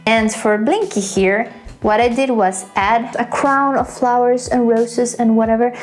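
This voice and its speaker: A woman's voice: a little high, fairly even intonation, a little slow. A woman hosting a casual drawing tutorial, chatty and playful, with self-mocking asides. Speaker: art tutorial host.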